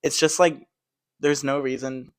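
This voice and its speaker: A woman's voice: very deep voice, level tone, a little slow. Rambling teenage girl telling a tangent. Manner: rambling, full of likes and tangents. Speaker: podcast co-host. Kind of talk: casual chat.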